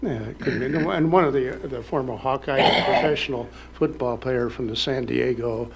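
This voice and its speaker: A man's voice: medium pitch, moderate pace, gravelly, over a noisy crowd. A man speaking at a city council meeting in a folksy, rambling way, full of fillers and restarts.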